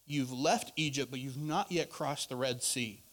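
A male pastor preaching a sermon in a conversational way, rising to loud emphasis and dropping to quiet asides. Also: medium pitch, a little slow.

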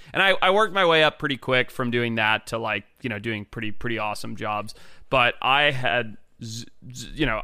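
Bright, animated storyteller man. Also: medium pitch, smooth, dry recording, clean studio sound. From Africa. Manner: animated, loose and chatty with many "like"s, acts out other people's lines. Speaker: interview guest, wildlife biologist. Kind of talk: casual storytelling.

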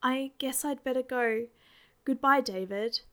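A woman reading the lines of a sad, quiet teenage girl in a story, in a soft, hesitant voice. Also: sits high, a little slow, pitched above the performer's own voice.

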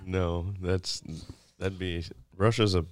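Very deep-voiced easygoing man. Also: steady tone, takes it slowly, a crowd in the background. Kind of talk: casual chat.

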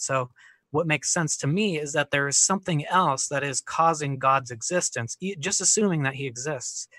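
A man's voice: fairly high pitch, sharp tone, dry recording, clean studio sound. A young man in a debate, explaining his view hesitantly and restarting his sentences as he thinks aloud. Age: young adult. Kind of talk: casual spoken argument.

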